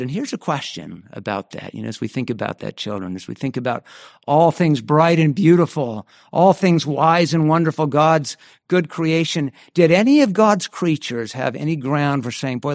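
A man's voice: fairly high pitch, vocal fry, no echo, studio quality. A man preaching a sermon in an earnest way, often restarting and repeating words as he goes. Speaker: pastor.

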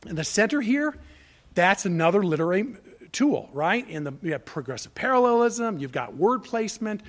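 A man preaching a sermon as pastor, emphatic, swinging between loud declarations and hushed asides, asking rhetorical questions and answering them himself. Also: high-pitched, big pitch swings, moderate pace.

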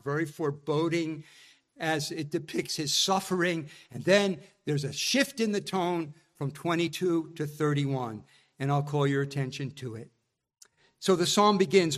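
A man's voice: high-pitched, a bit bright. A man preaching a sermon, teaching earnestly through a psalm and rising to impassioned emphasis on its cries.

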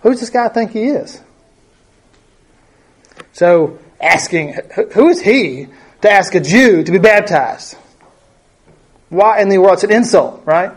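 A man's voice: sits high, lively intonation, unhurried, pauses often, husky. A man teaching a Bible study lesson, reading verses aloud and explaining them in a conversational way, with many fillers and rhetorical questions.

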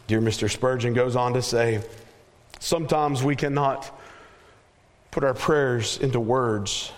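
A man's voice: medium pitch, measured pace. Earnest man preaching a sermon. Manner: earnest, repeats words while searching for phrasing. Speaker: pastor.

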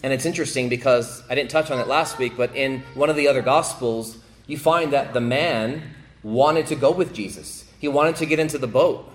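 A male pastor preaching a sermon, repeating phrases for emphasis and swinging between raised, emphatic passages and hushed, quiet ones. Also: medium pitch, normal speed, a little hiss or hum.

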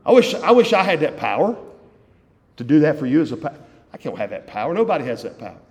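Male pastor, slightly high voice, fervent sermon with loud and hushed swings, long church hall reverb. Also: sing-song, fast talker. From West Virginia, USA. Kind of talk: evening sermon. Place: church sanctuary.

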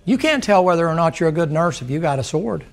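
Folksy preacher, high-pitched voice. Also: male voice, lively intonation, fast, creaky. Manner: folksy, rising to emphatic shouts, acts out voices. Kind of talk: sermon.

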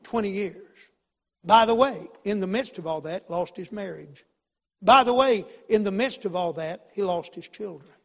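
A pastor telling a story in a sermon, folksy and emphatic, repeating phrases and swinging from loud to hushed. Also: male voice, high voice, normal speed, gravelly, big-room sound.

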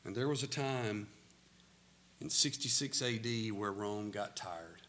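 A man with a Southern American accent preaching a sermon, slow and emphatic, his voice swelling loud on key words. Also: fairly low pitch.

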